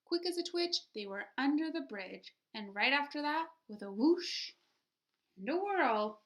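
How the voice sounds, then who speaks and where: Expressive woman reading a picture book. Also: high-pitched. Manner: expressive, pauses to ask the listeners questions. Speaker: teacher. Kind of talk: children's picture book read-aloud.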